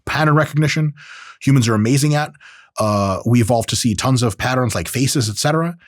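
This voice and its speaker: A man's voice: mid-range voice, a little fast, dry recording, clean studio sound. A man hosting a podcast, talking casually about technology and acting out quoted voices with profane asides. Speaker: podcast host.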